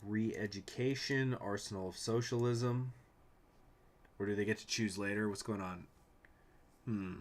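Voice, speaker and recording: A man with a lowish voice streams a strategy game from home, speaking at a measured pace with long pauses. He reads event text aloud and rambles to his chat in casual commentary with jokey asides.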